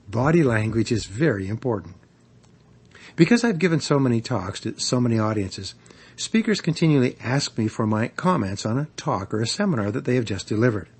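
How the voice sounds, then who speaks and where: A man reading his own guide to public speaking as scripted audiobook narration, measured and instructive. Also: medium pitch, darkish tone, husky. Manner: measured, instructive, varies emphasis for examples.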